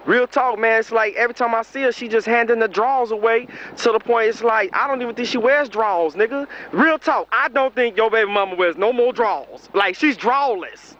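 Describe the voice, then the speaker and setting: A man's voice: high voice, animated, brisk, a bit bright, muffled recording. A young man talking in a rambling, slangy comic monologue to a dead friend, laughing between lines. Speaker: comedic monologue performer.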